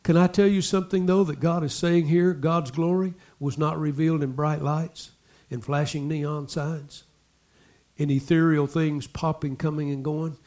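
Male pastor, sermon, impassioned and repetitive, slightly high voice, swells to loud calls. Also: fairly even intonation, normal speed. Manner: conversational asides to the congregation.

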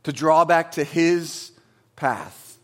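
High-pitched animated male pastor. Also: slow. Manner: animated preaching, swings from loud emphasis to hushed asides. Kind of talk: sermon.

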